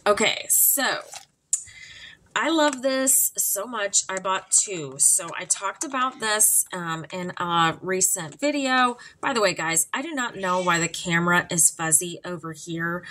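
A woman chatting candidly to her viewers in a casual makeup vlog. Her voice is bright and clear, and her pitch swings up and down a lot. She talks at an unhurried pace and drops in frequent ums. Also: lively intonation. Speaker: makeup vlogger.

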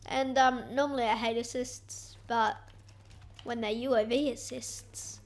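A young woman giving excitable, self-mocking commentary over her own gameplay. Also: fairly high pitch, unhurried. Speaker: gaming YouTuber.

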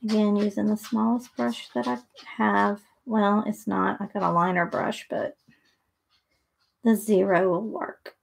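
A woman's voice: mid-range voice, little pitch movement, measured pace, gravelly. A middle-aged woman hosting a live painting tutorial, chatting and thinking aloud as she works. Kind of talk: live painting demo with casual chat.

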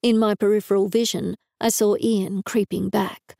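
Gravelly, mellow woman narrating an audiobook. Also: medium pitch, fairly even intonation, normal speed, no echo, clean studio sound. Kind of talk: scripted narration.

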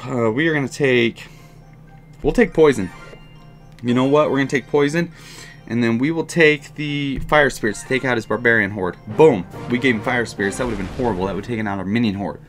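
Excitable man commentating a mobile game. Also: mid-range voice, a little fast, soft background music. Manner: excitable, swings from calm talk to loud frustrated outbursts. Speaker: gaming commentator. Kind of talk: live gameplay commentary.

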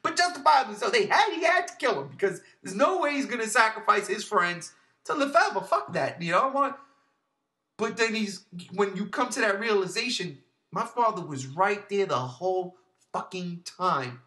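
A man co-hosting a casual movie review podcast, animated, swearing freely and swinging from low murmurs to loud outbursts. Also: moderate pace. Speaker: podcast co-host.

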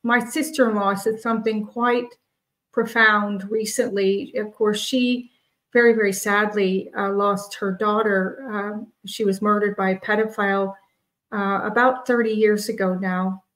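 A woman co-hosting a prayer forum, telling a personal testimony in an earnest, halting way with frequent restarts. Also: medium pitch, fairly even intonation, fairly bright tone, rough recording. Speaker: co-host of a prophetic prayer forum.

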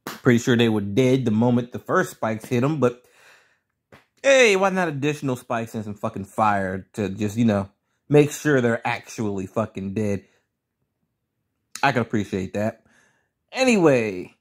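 Animated, foul-mouthed male show reviewer. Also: mid-range voice, moderate pace. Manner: profane, ranting and blunt. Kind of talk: casual pros-and-cons video review.

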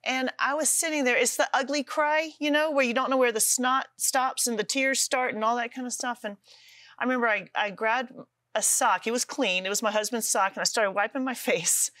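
A woman's voice: on the high side, steady tone, fairly quick, pushed and bright, dry recording, studio quality. A middle-aged woman, a guest author, telling her story earnestly with self-deprecating humor on a talk show. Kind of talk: testimony in a studio talk show.

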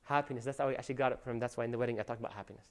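A man giving an animated religious lecture, preaching with loud rising emphasis and Arabic phrases mixed in. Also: mid-range voice, racing. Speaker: Islamic lecturer.

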